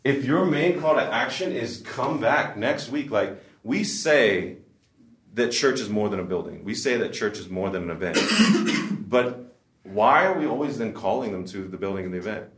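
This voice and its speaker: A man's voice: fairly low pitch, animated, normal speed, a bit bright. A man speaking casually to a live audience at a forum, storytelling with humor and frequent restarts. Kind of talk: conversational talk to a live audience. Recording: roomy echo.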